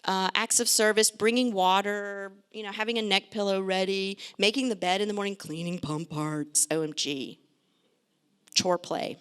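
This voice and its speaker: A middle-aged woman, a pediatrician, giving a lively, joking and direct talk to parents. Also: medium pitch, moderate pace, smooth. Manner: chatty, direct, joking asides.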